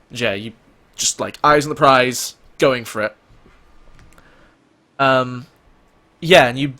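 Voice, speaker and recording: A man's voice: mid-range voice, sharp tone. A man narrating as game master, rambling with many fillers.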